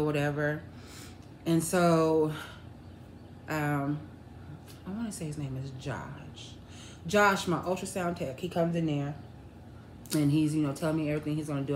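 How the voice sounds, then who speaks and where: A woman with a slightly low voice tells a story in casual, animated chat, acting out what others said and breaking into laughter. The room around her has a noticeable echo, and a faint hum sits underneath. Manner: animated, laughing storyteller who acts out quotes. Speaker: co-host. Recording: roomy echo.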